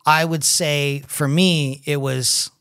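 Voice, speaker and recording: Brief: middle-aged male podcast host, slightly high voice, crude and animated storyteller, casual chat. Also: takes it slowly, clean tone. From United States.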